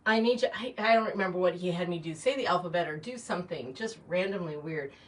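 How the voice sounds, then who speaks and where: Talking fast in a lowish voice, a middle-aged shop owner runs a live chat as she arranges flowers. She rambles, full of fillers and side comments. The distant mic in her small indoor shop or home workspace catches faint background noise.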